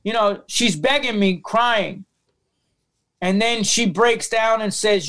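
A man's voice: high voice, unhurried, sharp tone. Intense, blunt New York man. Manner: blunt, heavy swearing, emotional retelling. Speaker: podcast guest. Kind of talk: casual interview storytelling.

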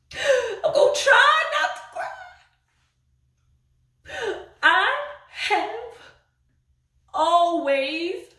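A woman's voice: high voice, reverberant, recorded from a distance, heavily acted. A woman doing a mocking impression of a real activist in a parody monologue, drawling with sing-song fake crying and lots of "y'all.". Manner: drawling, says y'all a lot.

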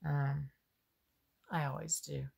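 A woman's voice: low voice, flat delivery, vocal fry, a little mellow, breathy edge. A woman, chatting casually as she unboxes homemade soap and muses aloud. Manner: slow, chatty, musing aloud.

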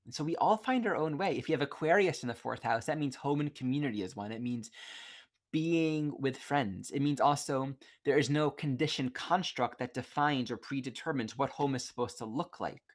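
Man, calm teaching voice, mid pitch, reflective and unhurried; video call audio. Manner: gentle, reflective, reads quotes aloud with self-corrections. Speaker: astrology teacher. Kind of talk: online lecture over video call.

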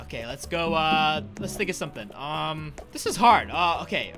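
A man hosting a gaming video, hyped and joking with loud bursts of excitement. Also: fairly high pitch, moderate pace, hardly any pauses, faint music behind. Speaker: gaming YouTuber host. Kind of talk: excited let's-play commentary.

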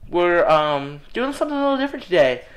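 A woman hosting a video into a computer microphone, ranting sarcastically and shouting in exasperation. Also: lowish voice, sing-song, fast. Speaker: video host. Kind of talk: ranting gameplay commentary.

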